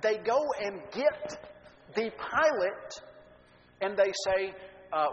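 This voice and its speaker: A man telling a story from the pulpit in an animated, self-mocking way. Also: high voice, slow, long pauses. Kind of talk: sermon storytelling. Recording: dull echoey hall recording, faint ambience.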